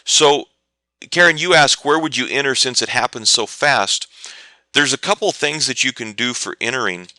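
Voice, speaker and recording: A man's voice: medium pitch, normal speed, sharp tone, no room sound. A man teaching market trading in a live webinar, telling anecdotes and answering viewer questions. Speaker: trading educator.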